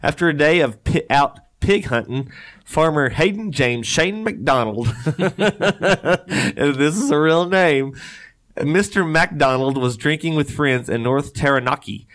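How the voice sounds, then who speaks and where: A man's voice: on the high side, animated, slow pace, fairly bright tone. A man, co-hosting a casual chat in which he reads odd news stories with joking, rambling asides and frequent laughs. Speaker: podcast co-host.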